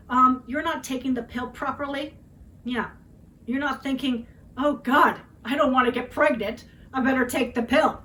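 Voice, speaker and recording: A woman's voice: fairly high pitch, fairly bright tone, a little hiss or hum, rough recording. Dramatic, chatty woman in her forties. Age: 40s. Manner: dramatic, chatty, with tag questions. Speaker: vlogger. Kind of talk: personal storytelling.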